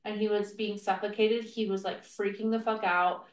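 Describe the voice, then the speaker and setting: Brief: middle-aged woman, casual podcast co-host, rambling storyteller, mid pitch, recorded in a roomy space a little away from the mic. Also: steady tone, normal speed, recorded from a distance. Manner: chatty, many "like" fillers, storytelling. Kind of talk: casual chat.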